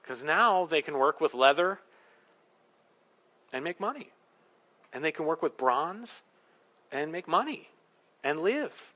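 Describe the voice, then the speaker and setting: A man's voice: fairly high pitch, very animated, unhurried, long pauses, bright, forceful tone. A male pastor preaching a sermon, emphatic, with rhetorical questions and humorous asides.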